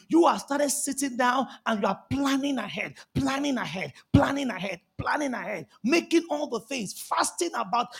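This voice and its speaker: High raspy preacher, shouting. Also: male voice. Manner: preaching with shouted bursts and drawn-out emphasis. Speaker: pastor. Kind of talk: sermon.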